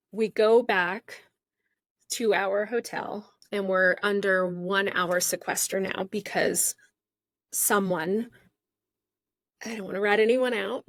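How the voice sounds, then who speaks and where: A middle-aged woman telling a behind-the-scenes story on her podcast, candid and gossipy, hopping from point to point. Her voice sits at an ordinary middle pitch. The sound is dry and close, with almost no room around it. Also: no room sound. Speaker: podcast host. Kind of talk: casual storytelling.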